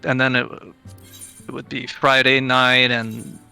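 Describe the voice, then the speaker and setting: Very gravelly, bright-toned man. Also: mid-range voice, flat delivery, unhurried, soft background music. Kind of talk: casual chat while gaming.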